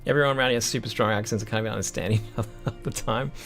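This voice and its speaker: A man's voice: lowish voice, fairly even intonation, rapid-fire, fairly bright tone, faint music behind. A young Australian man with an Australian accent, chatting casually on a livestream with a rambling, laid-back manner and frequent laughs. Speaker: composer streaming live. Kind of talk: casual livestream chat reading viewer messages.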